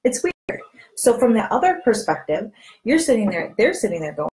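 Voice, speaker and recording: A woman whose voice is on the high side, speaking at normal speed, coaches her direct sales team straight to camera on a low-quality recording. Candid and chatty, she repeats catchphrases and brings conversations with friends to life, animatedly voicing each quoted friend differently.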